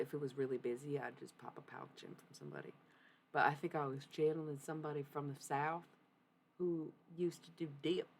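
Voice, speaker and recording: A woman doing a casual livestream reading, rambling, excitable and profane. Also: extremely low pitch, gravelly, slight background noise, low-quality recording.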